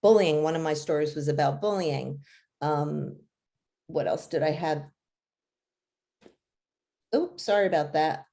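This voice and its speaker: A woman's voice: low-pitched, measured pace, pauses often, dark tone. A woman who writes children's books, answering interview questions in a chatty way, with many fillers and light laughs. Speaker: children's author.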